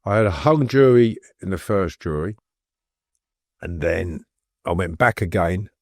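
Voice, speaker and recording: Unhurried and animated, a middle-aged guest with a low voice spins rambling anecdotes during a casual interview, laughing while he tells them. The recording is clean studio sound without echo.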